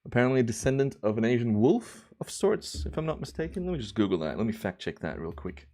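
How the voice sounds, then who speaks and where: A young man hosting a relaxed livestream, chatting casually and rambling with viewers. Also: medium pitch, fast talker. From Australia. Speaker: livestream host.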